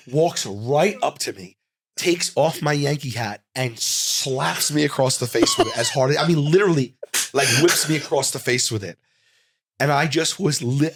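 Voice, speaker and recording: A man's voice: fairly high pitch, dry recording. New guy telling a wild story in a studio, lots of restarts, dead dry mic. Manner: animated, with many restarts and acted quotes. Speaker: comedian guest. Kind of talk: casual storytelling.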